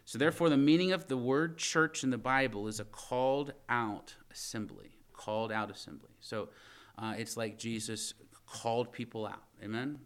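A man's voice: medium pitch, moderate pace, fairly bright tone. A man preaching a conversational sermon to his church congregation, often asking them questions as he reads scripture. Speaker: pastor. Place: church sanctuary.

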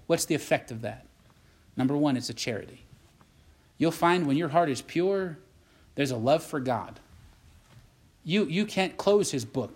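A man preaching a sermon as pastor, repeating phrases and asking the congregation "Amen?" and whether it makes sense. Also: fairly high pitch.

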